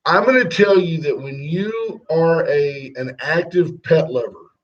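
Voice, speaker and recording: A man's voice: a little high, unhurried. A man co-hosting a radio show, chatting casually and joking with sarcastic asides. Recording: dull lo-fi sound.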